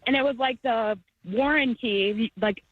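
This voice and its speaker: A woman calling in to a radio show, telling her story in a quick, chatty way over a phone line. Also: on the high side, noisy background. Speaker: caller. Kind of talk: phone-in call.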